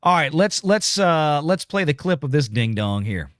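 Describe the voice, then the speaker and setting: A man's voice: a little high, big pitch swings, normal speed, a bit bright, no room sound, studio quality. A man hosts a casual political commentary livestream, blunt and ranting as he reads viewer comments. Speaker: show host reading super chats.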